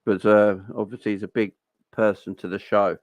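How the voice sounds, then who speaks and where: A young man hosting a casual football fan livestream, chatty and giving shout-outs to viewers. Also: fairly low pitch, level tone, moderate pace, no echo, muffled recording.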